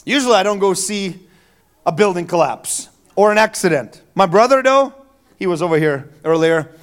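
A male pastor giving a Christmas Eve sermon in a church, telling stories in a relaxed, joking, conversational way with fillers. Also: sits high, moderate pace. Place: church sanctuary.

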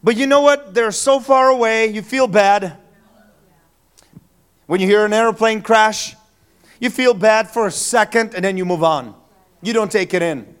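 A male pastor giving a Christmas Eve sermon in a church, telling stories in a relaxed, joking, conversational way with fillers. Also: high-pitched, measured pace, long pauses, smooth. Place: church sanctuary.

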